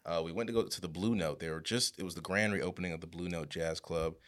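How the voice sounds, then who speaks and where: A young man telling an animated, slang-heavy story in casual podcast chat, often breaking into laughter. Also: deep voice, fast. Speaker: podcast co-host.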